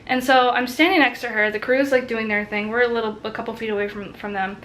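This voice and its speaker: A woman's voice: a little high, fairly even intonation, fast, a bit bright, a little hiss or hum, rough recording. A woman in her twenties, a college student, telling a story in a casual, chatty way, with many fillers and acted-out quotes. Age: 20s.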